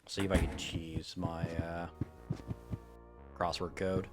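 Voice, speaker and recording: A man streaming a game, reading its text aloud with low-key muttered asides. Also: flat delivery, slow pace. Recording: game music behind the voice. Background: game music.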